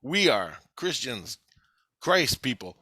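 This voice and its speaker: A half-awake man rambling through a profane, casual story, quoting others in quick asides. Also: medium pitch, big pitch swings, bright, forceful tone, breathy edge, no room sound, studio quality. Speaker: video maker. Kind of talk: casual chat.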